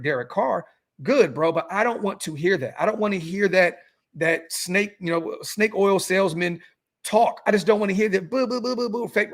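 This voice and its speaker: A man's voice: fairly high pitch, a bit bright. A man hosting a casual sports fan podcast, ranting bluntly with lots of fillers, repeats and swearing. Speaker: podcast host.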